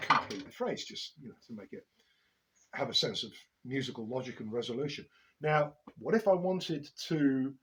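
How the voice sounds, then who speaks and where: Brief: male drum teacher, mid-pitched voice, measured and explanatory. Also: a little hiss or hum, poor audio. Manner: measured, explanatory, with frequent filler "uh". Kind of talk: instructional drum lesson.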